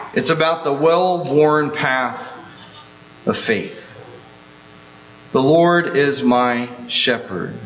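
A male pastor preaching a sermon, slow and emphatic, dwelling on repeated phrases. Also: fairly high pitch, fairly bright tone. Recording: roomy, dull sound with mains hum.

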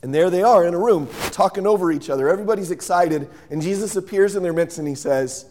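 Guy preaching a sermon, kinda high voice but mellow, acts out the story, asks the crowd stuff. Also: fast, a little hiss or hum. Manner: lively storyteller, acts out scenes and quizzes the audience. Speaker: pastor.

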